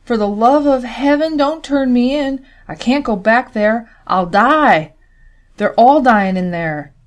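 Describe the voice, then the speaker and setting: A woman's voice: medium pitch, moderate pace, a little mellow, natural voice. Woman reading a hurt young rebel soldier man, pleading, folksy, storybook audiobook. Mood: desperate. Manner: pleading, folksy country speech. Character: young wounded male Confederate soldier, pleading.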